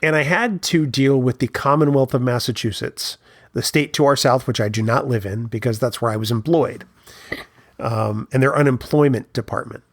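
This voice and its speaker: A man's voice: mid-range voice, moderate pace, dry recording, studio quality. A man co-hosting a podcast, telling long funny anecdotes in casual chat. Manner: storytelling, animated anecdotes. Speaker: podcast co-host.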